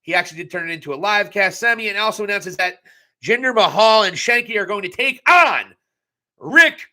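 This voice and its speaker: Bright, sharp-toned man recapping casually. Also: high-pitched, quick pace. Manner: blunt, profane, joking asides. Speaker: wrestling show reviewer. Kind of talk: casual live video recap.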